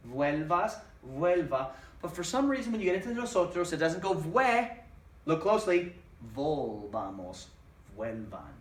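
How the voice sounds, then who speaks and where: Picked up from afar in a room full of echo, a slightly high, somewhat bright male voice teaches Spanish. He works through the grammar with patience, going over examples step by step. It's a classroom lesson captured on tape, with the speaker off-mic.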